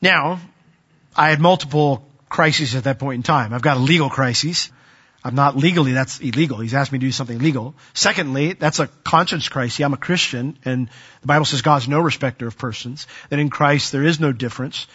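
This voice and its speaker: A man's voice: medium pitch, brisk, fairly bright tone, breathy edge, muffled recording. A man preaching a sermon in an earnest, conversational way with emphatic rises.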